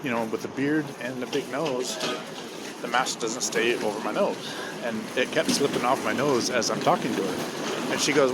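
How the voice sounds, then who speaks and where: Man, casual vlog storytelling, sardonic, profane, rambling, loud vehicle noise. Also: medium pitch, normal speed. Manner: rambling, sardonic, swears freely, many uh and um. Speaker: vlogger.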